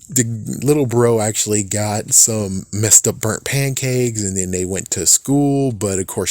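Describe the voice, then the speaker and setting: A man's voice: on the low side, darkish tone, no echo, studio quality. A man giving a casual, rambling spoiler recap of a movie, swearing often and laughing at it. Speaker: movie reviewer.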